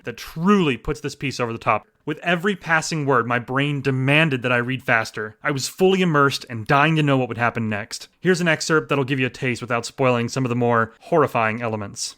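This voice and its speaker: Bright, eager male podcast host. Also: medium pitch. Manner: enthusiastic, chatty, self-deprecating. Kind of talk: casual podcast recommendations.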